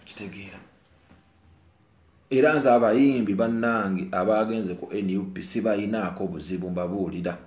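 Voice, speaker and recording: A man's voice: on the low side, moderate pace. Ugandan man, emphatic repetitive rant, roomy echo. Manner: repetitive, emphatic, mixes local language and English, swings from quiet to loud. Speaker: musician. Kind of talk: emotional direct-to-camera rant.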